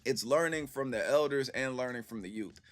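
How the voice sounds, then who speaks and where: Guy in his 30s rambling on stream, slangy, talks fast, dry close sound. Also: mid-range voice, dry recording, faint music behind. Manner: rambling, slangy storytelling with many fillers. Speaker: streamer answering chat. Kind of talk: casual livestream chat.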